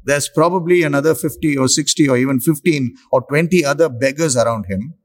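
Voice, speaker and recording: A man preaching a sermon, slow and emphatic, with long pauses for effect. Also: a little high.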